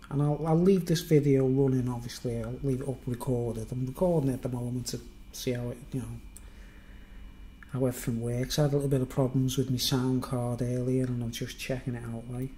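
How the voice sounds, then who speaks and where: Mellow-voiced Merseyside man rambling on a stream. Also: medium pitch, a little fast, a little hiss or hum, poor audio. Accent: toned-down Merseyside. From Merseyside, England. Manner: rambling, self-mocking, chatty with many fillers. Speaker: live streamer. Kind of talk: casual live-stream monologue.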